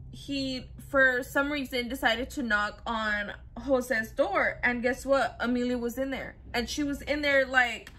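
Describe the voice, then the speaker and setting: A woman's voice: sits high, pushed and bright. A young woman casually retelling a true crime story, chatty and loose, full of fillers, briefly acting out what people said. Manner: chatty, filler-heavy, acts out quotes loosely.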